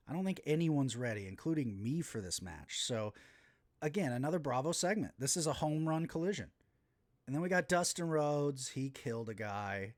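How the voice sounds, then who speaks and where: Animated, swearing male podcast host. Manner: animated and profane, with sudden swings in pitch and volume. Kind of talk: casual solo podcast recap.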